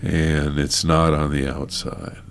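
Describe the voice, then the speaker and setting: A man speaking as a guest minister in an interview, earnest and halting, with many fillers. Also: rumbling low, flat delivery, slight background noise. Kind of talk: conversational interview.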